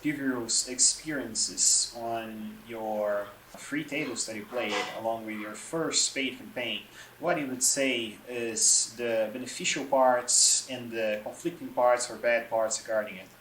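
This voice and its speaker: A man hosting an interview, asking questions in formal, slightly halting phrasing. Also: medium pitch, fairly bright tone. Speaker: interview host. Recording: echoey room with faint noise.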